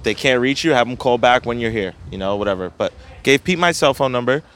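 A man's voice: medium pitch, quick pace. Profane, laughing New pizzeria guy. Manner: profane, laughing, animated storyteller. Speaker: pizzeria owner, guest. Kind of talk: casual storytelling chat.

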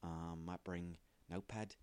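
A man putting on the voice of a calm, earnest middle-aged male sports presenter, low and matter-of-fact. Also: moderate pace, clean tone, dry recording, lightly acted.

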